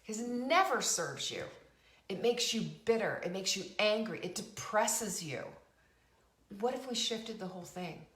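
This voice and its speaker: Animated woman giving a motivational talk. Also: mid-range voice, unhurried, roomy sound. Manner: emphatic, preachy, repeats phrases, asks the audience questions. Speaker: show host. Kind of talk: motivational talk to a live online audience.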